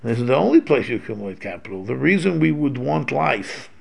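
A man's voice: medium pitch, very animated, a little fast, vocal fry, a crowd in the background. A man giving an informal religious lecture, talking in a loose conversational way with many restarts and Hebrew terms mixed in. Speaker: Torah teacher.

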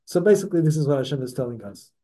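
Mellow-voiced man teaching a Torah class. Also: a little high, big pitch swings, rapid-fire. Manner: conversational, self-correcting, asks listeners questions. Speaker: religious teacher.

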